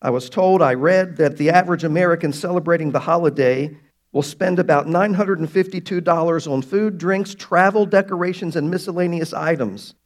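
High-voiced man preaching a sermon. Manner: emphatic, slows down to stress key words. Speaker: pastor. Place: church sanctuary.

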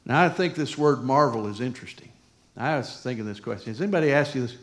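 A middle-aged man preaching a sermon, with a pitch sitting in the middle of the male range. He is folksy and chatty, slipping personal stories between scripture readings. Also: expressive, brisk. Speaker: pastor.

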